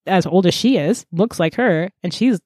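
A woman's voice: on the low side, animated, normal speed, warm tone, no echo, studio quality. A woman co-hosting a casual chat, retelling a story with playful voices and frequent laughter. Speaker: podcast co-host.

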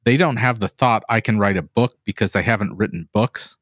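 Earnest low-voiced male co-host, dry sound. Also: a little fast, a bit bright, no echo. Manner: earnest and reflective, interjecting to make a point. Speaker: podcast co-host. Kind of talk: conversational interview.

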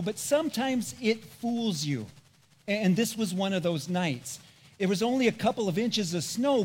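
Earnest, animated male preacher. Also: high-pitched. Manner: animated, earnest and self-deprecating. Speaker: pastor. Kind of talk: storytelling sermon.

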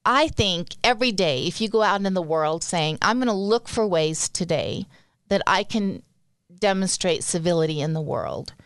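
A woman co-hosts a podcast in relaxed conversation, thinking out loud in long, winding sentences. Her voice is smooth and clear. The sound is dry and close, with no room around it. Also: on the low side, normal speed, no room sound. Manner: reflective, earnest, talks in long winding sentences. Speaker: podcast co-host. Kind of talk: casual chat.

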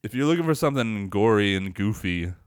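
A young man with a lowish, smooth voice, chatting on a podcast about a film. He rambles, swears freely and restarts his sentences a lot. The sound is close and dry. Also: animated, brisk, no echo. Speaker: podcast co-host. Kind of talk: casual chat.

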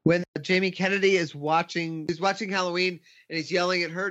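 A man's voice: high-pitched, little pitch movement, brisk, hardly any pauses, a bit bright. A man co-hosting a podcast, talking about a film with dry, sarcastic asides. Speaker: podcast co-host. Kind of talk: casual film discussion. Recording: dull lo-fi audio.

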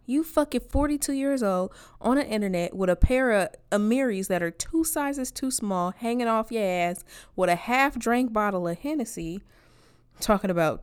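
Woman, ranting monologue to camera, blunt, profane, emphatic, smooth clear voice. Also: on the high side, expressive, moderate pace. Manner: blunt, profane and emphatic, with a repeated "all right?". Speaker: online commentator.

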